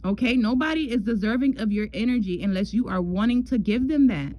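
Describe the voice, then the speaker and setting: A woman's voice: on the high side, animated, brisk, dark tone, low-quality recording. A woman giving a casual astrology love reading in a chatty way, repeating herself and calling the listener "girl". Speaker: tarot love reader.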